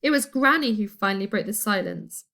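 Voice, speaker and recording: A woman reading a children's storybook aloud in a playful, expressive way. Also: medium pitch, brisk, creaky. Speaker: audiobook reader. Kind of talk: storybook narration.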